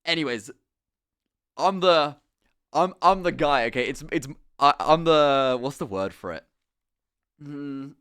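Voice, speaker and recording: A young man chats to his stream with a slightly high voice, swearing and restarting his sentences as he rambles through a story. He sounds animated and casual, stepping off into asides as he goes. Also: measured pace, long pauses, smooth. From England. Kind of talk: casual storytelling to a live chat.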